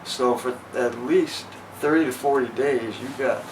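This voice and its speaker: A man in his sixties from Los Angeles recounts his memories in a frank, storytelling way during a home interview. His voice sits at an ordinary pitch for a man. It is picked up from a distance, with a steady air conditioner hum underneath. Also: a little slow. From Los Angeles, USA. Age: 60s. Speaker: veteran interviewee. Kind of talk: oral history interview.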